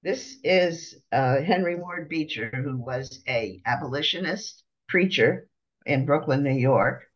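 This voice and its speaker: A man giving an unhurried slide-show lecture, pausing often as he explains each picture. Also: medium pitch, dull audio.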